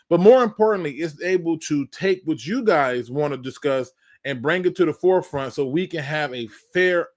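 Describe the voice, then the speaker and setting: Lively man hosting a sports livestream. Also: a little high. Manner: energetic, repeats himself, calls out viewers. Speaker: sports talk show host. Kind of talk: casual live-stream sports talk.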